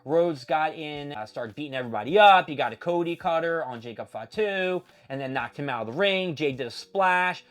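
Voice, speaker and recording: A man with a slightly high voice hosts his own recap show. He talks casually and with a lot of energy, swearing freely and jumping into quick impressions as he runs through the matches. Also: expressive, a bit bright. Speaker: show host.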